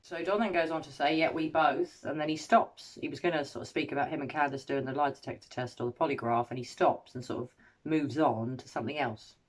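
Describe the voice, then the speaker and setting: A woman hosting an analysis video, paraphrasing recorded quotes and weighing each one in a measured, analytical way. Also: low voice, steady tone. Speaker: host analysing a recorded interview. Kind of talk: scripted commentary.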